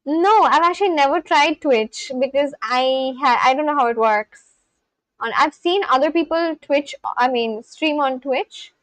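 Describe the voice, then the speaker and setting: Chatty high-voiced woman streamer. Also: a little slow, no echo. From India. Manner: chatty, reads and answers chat aloud, laughs often. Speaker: livestream host. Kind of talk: casual livestream chat.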